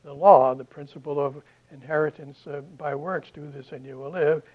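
A man lectures in a slightly high, monotone voice with a husky edge, stumbling through fillers and restarts. The recording is dull and lo-fi, like an old classroom tape. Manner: halting, many fillers and restarts. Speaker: Bible lecturer.

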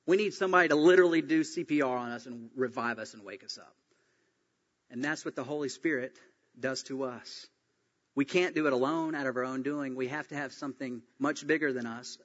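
A man preaching a sermon as a pastor, telling a story with lively acted-out voices. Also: medium pitch. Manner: animated storytelling, acts out quoted voices. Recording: dull sound, long reverb in a hall.

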